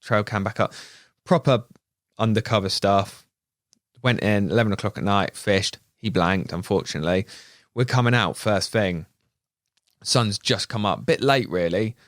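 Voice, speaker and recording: Low-voiced English man telling a story. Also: normal speed, dry recording, clean studio sound. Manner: animated anecdote teller, laughs, mimics voices. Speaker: videographer. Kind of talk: casual storytelling chat. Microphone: studio podcast mic.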